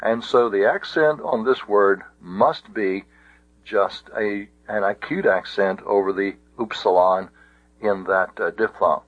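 A man's voice: fairly low pitch, slow pace, no room sound. A man teaching Greek grammar, methodically and carefully spelling out each example. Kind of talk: explaining grammar rules. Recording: tinny phone-like audio.

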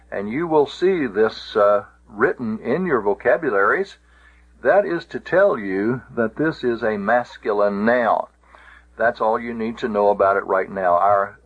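A man lecturing at a very unhurried pace, stepping through each rule and repeating key words so students can follow. His voice sits in an ordinary middle register. The recording is dull and lo-fi. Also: medium pitch, a bit bright. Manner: slow, methodical, spells out letters and repeats words. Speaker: Greek teacher.

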